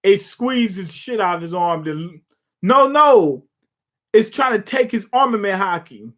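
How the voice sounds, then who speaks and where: Profane, joking young man, higher voice. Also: expressive, measured pace, fairly bright tone. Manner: loose, profane, jokey retelling with laughs. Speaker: manga reaction streamer. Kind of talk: casual live reaction commentary.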